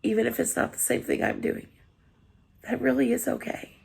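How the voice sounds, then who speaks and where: A woman vlogger talks to her viewers after crying, still tearful. Her slightly high voice is strongly gravelly and very husky. She sounds earnest, apologetic and encouraging. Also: steady tone, normal speed, darkish tone. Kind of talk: heartfelt personal vlog talk.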